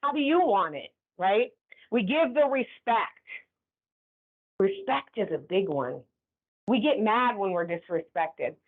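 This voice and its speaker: A woman leading a staff training class. She talks in a lively way and keeps checking in with the group. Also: mid-range voice, takes it slowly, long pauses. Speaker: workplace trainer. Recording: tinny phone-like recording.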